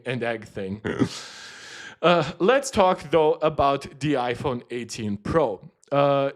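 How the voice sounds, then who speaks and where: This tech channel host, a German-speaking man, chats through a casual livestream, rambling and restarting often. His voice runs on the high side.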